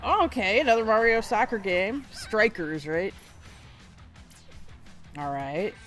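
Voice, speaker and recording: A man's voice: high-pitched, sing-song, takes it slowly, a bit bright, faint music behind. A man hosting a casual reaction video, chatty and exclaiming, often laughing. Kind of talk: casual live reaction commentary.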